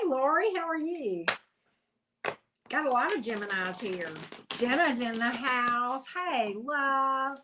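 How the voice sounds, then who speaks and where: A medium-pitched woman hosts a live tarot reading with heavy background noise. Her talk is casual livestream chat, teasing and friendly, and she names viewers as she reads the cards.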